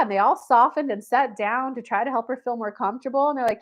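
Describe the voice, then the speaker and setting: A woman's voice: a little high, fast talker, highs cut off. A woman who coaches and gives spiritual readings, telling a story on a livestream about herself in the third person and acting out the people in it. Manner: animated storytelling, talks about herself in third person, acts out quoted voices.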